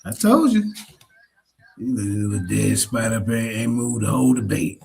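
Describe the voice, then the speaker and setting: A man putting on a deep, gravelly voice as a boastful, taunting bruiser bragging about a beating. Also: lively intonation, moderate pace, darkish tone, soft background music, full character voice. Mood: gloating.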